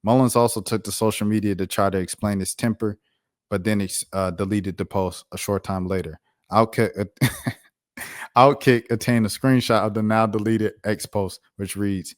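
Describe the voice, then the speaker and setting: Animated man ranting about sports. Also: on the low side, normal speed. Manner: animated, reads quotes flatly then rants loudly. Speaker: sports commentary host. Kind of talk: casual sports commentary vlog.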